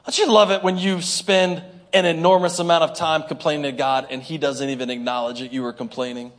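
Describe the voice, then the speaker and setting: An animated male pastor delivers a sermon in a fairly high voice. He breaks into whiny complaining prayers and calls for responses from his congregation. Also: quick pace, few pauses. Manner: talks straight to the congregation with call-and-response.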